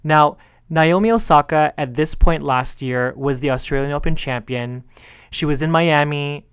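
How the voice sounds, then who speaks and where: Male podcast host, sassy and chatty, smooth clear voice, dry close sound. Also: a little high, moderate pace, fairly bright tone, dry recording. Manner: sassy, chatty, calls listeners girl. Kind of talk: casual solo tennis podcast chat.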